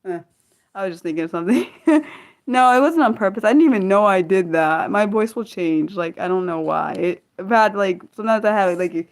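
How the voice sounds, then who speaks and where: A woman's voice: mid-range voice, a little fast. Woman chatting rambly on a livestream. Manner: rambling, thinks aloud, many restarts and fillers; talks directly to viewers and asks them questions. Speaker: livestream host answering viewer chat. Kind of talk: casual unscripted livestream chat.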